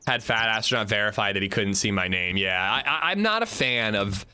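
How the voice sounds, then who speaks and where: A young man chatting casually on a gaming livestream, rambling and animated as he reads chat while playing. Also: fairly low pitch, a little fast, clean tone.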